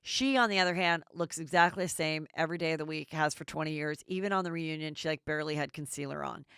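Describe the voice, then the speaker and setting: A woman's voice: deep voice, fast, a bit bright, clean tone, dry recording, clean studio sound. A woman hosting a gossip podcast, chatting bluntly and casually and swearing freely. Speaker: podcast host.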